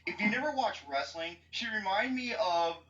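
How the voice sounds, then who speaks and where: A young woman co-hosting a podcast in casual movie chat, excitable and profane, ranting with lots of energy. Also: mid-range voice, normal speed. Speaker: podcast co-host. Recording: dull, roomy, distant mic.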